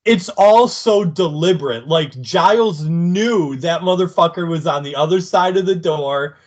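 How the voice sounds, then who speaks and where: A man co-hosting a podcast who gushes with excitement over a TV scene in casual chat. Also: on the high side, a little slow. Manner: excitable, gushing, laughs along. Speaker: podcast co-host.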